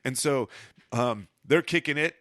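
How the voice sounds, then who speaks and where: A man hosting a podcast, retelling a story in casual, profane chat and acting out the characters in quick asides. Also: mid-range voice, fairly bright tone, dry recording, studio quality. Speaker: podcast host.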